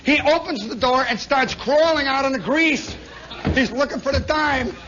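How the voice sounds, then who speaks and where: A man, a radio host, telling a comic story live in a nightclub, animated and chuckling with lots of asides. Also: extremely high pitch, normal speed, a faint crowd, slight background noise. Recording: muffled 1960s live radio recording.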